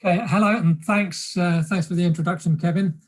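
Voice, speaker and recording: An executive giving opening remarks on a video call, halting and repeating words. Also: medium pitch, steady tone. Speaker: webinar speaker, industry executive. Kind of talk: opening remarks of a business talk.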